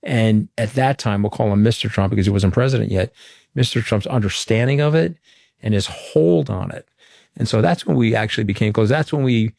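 A middle-aged man from Long Island, New York, recounting events as an interview guest in a frank, emphatic, anecdotal way. His voice sits fairly low. The sound is dry and close, with little room around it. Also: a little fast, gravelly, darkish tone, dry recording. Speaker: interview guest, former political communications director. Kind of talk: candid storytelling in an interview.

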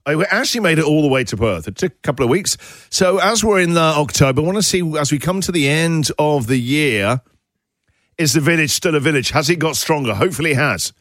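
A man hosting a radio breakfast show from the studio, teasing his co-hosts with quick comic asides. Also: on the high side, animated, fairly bright tone, no echo. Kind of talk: joking radio banter.

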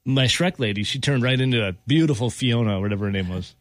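A man's voice: medium pitch, quick pace, no room sound. A man hosting a radio show, telling a funny story in casual chat and laughing as he goes. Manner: animated, laughing anecdote teller.

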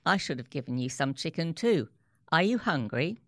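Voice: medium pitch, big pitch swings, normal speed, a bit bright, no echo, studio quality. A presenter reading aloud and voicing a curious, bossy young boy in a slightly raised tone. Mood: eager. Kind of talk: audiobook reading.

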